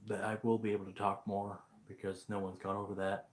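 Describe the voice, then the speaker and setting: A man's voice: lowish voice, level tone, fairly quick. Joking, profane man in an echoey room. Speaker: streamer. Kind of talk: casual gameplay commentary. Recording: echoey room, faint noise.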